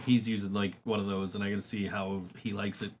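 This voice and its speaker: A man's voice: fairly low pitch, level tone, brisk, slight background noise. A man hosting a podcast in casual chat, swearing freely and laughing through his stories. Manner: profane, laughing storyteller. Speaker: podcast host.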